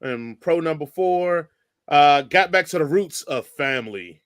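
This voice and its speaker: A man with a fairly high voice hosts a podcast, moving briskly through quick lists of points. The recording is dry and close, with no room sound at all. He keeps the chat casual and upbeat. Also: lively intonation, no echo. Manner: runs segments with quick lists. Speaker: podcast host.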